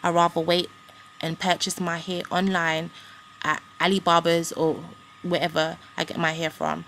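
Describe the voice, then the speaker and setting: Gravelly-voiced young woman ranting. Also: fairly low pitch, a little hiss or hum. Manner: blunt, sweary and animated. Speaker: vlogger. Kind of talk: angry storytime rant.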